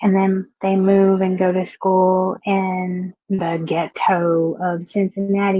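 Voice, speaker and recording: Speaking slowly in a low, monotone voice with hardly any pauses, this Southeastern Kentucky host runs a relaxed live-stream chat. She's frank and talkative and greets viewers by name, and the muffled, dry home audio has no echo.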